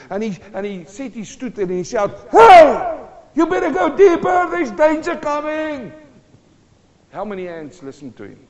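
A man preaching a sermon, telling a story with animated swings between quiet talk and shouting. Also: sits high. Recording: long hall reverb, dull lo-fi sound.

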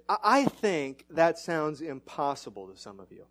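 A middle-aged man preaching a sermon as pastor, animated and self-mocking, his voice climbing when excited. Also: on the high side, moderate pace, hardly any pauses.

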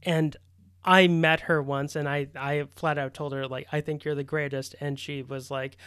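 A man's voice: a little high, flat delivery, normal speed, fairly bright tone, clean tone, no echo, clean studio sound. A man co-hosting a podcast, chatting casually and laughing at his own stories. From Boston area. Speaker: podcast co-host. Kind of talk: casual chat.

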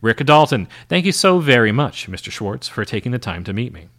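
A man putting on an eager middle-aged cowboy actor, anxious to please and quick to fret. His voice lifts a little above the reader's own. It carries an earnest, self-conscious energy. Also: medium pitch, sing-song, fairly bright tone.

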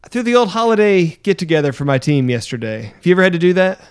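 Dry-joking man, slightly high voice. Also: very animated, clear, resonant tone. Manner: dry joking, halting with fillers. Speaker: podcast co-host. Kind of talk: casual banter.

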